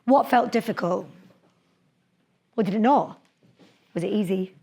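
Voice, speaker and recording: A gravelly, mid-range voice belongs to a young adult woman teaching a live public speaking workshop in a lecture room. She speaks a little slowly but stays lively and chatty, laughing a lot.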